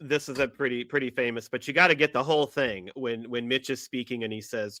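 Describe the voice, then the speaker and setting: A man's voice: medium pitch, fairly even intonation, a little fast, few pauses, pushed and bright, dry recording. A man co-hosting a podcast, chatting casually about a film and laughing as he quotes lines. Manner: laughs while quoting lines. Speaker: podcast co-host. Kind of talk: casual chat.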